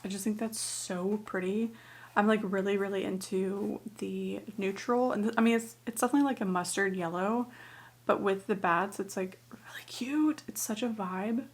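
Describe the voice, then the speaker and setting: A young woman chatting casually as a book vlogger, gushing and filling her talk with "like", sometimes dropping to a soft near-whisper. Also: mid-range voice, moderate pace, slightly rough. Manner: gushing, chatty, many "like" fillers. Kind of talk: casual chat.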